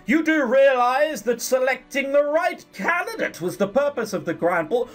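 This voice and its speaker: A man reading the lines of a courteous young prince in a formal, measured way. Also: very high-pitched, lively intonation, fairly bright tone, faint music behind, voice pushed up. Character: earnest young male prince, poised and courteous.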